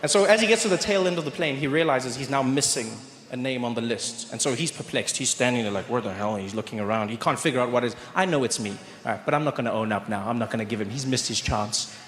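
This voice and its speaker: A man doing animated stand-up storytelling on a handheld mic in a large venue. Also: mid-range voice, fast talker. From South Africa. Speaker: stand-up comedian. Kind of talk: stand-up comedy. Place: large live comedy venue. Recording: roomy live venue with audience noise.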